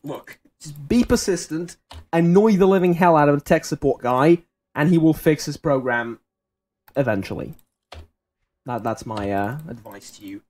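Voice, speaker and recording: A man's voice: on the high side, moderate pace, darkish tone. Rambling young man telling a story. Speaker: streamer. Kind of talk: casual chat while gaming.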